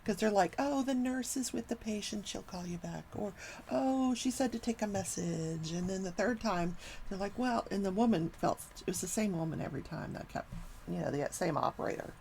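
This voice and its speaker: An older woman hosting a casual talk show, telling a long workplace story and acting out the people in it with lively, animated quoting. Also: medium pitch, moderate pace, gravelly, a little hiss or hum, rough recording. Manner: animated, acts out quoted people.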